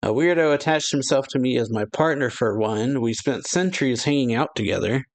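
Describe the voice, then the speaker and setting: A man's voice: medium pitch, a little fast, natural voice. A man reading as a wry, weary vampire.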